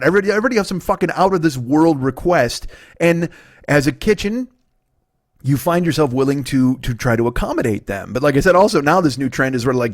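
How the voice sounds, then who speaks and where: Podcast host, man in his forties, quick rambling talker, swears a lot, dry close sound. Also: fairly high pitch, no echo. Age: 40s. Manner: rambling, profane, animated, self-deprecating. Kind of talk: casual storytelling monologue.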